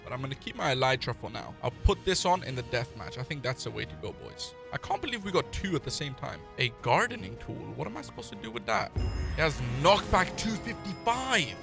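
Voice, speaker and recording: A young man giving excited gameplay commentary, hyped and yelling complaints at the game. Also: medium pitch, brisk, vocal fry, over music. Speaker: gaming YouTuber.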